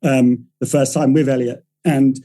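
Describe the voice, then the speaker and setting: A man's voice: mid-range voice, level tone, unhurried, dark tone, low-quality recording. A man, a writer-director guest on a podcast, telling a story in a rambling, self-correcting way and acting out the voices of the people he quotes. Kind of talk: casual podcast interview.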